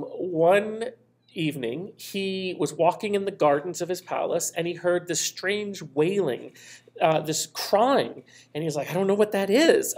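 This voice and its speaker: A man giving a casual history lecture, telling the story in a chatty way with frequent ums and quick "right?" asides. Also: fairly high pitch, vocal fry.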